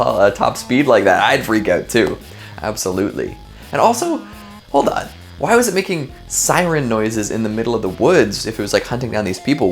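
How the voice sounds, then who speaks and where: A man hosting a casual video, reacting to clips with lots of fillers and laughter. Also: fairly low pitch. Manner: chatty, laughs often, filler-heavy. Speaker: host.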